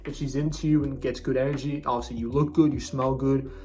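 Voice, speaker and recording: A man's voice: medium pitch, little pitch movement, fairly quick, mellow. A young man giving casual self-improvement advice in a bro-ish, slangy way, often restarting his sentences. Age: young adult.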